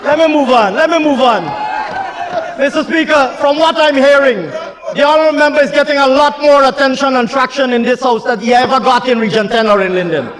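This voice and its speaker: A man's voice: very high-pitched, brisk, fairly bright tone. A man with a Guyanese accent, a government minister giving a heated, taunting parliamentary speech full of repetition. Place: parliament chamber. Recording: long chamber reverb, faint murmuring crowd.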